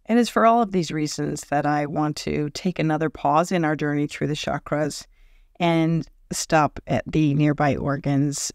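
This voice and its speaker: Gravelly-voiced woman hosting a podcast. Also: dry recording, studio quality. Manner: animated, laughs often, acts out quoted thoughts in a higher voice. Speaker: podcast host and energy healer. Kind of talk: casual spoken podcast monologue.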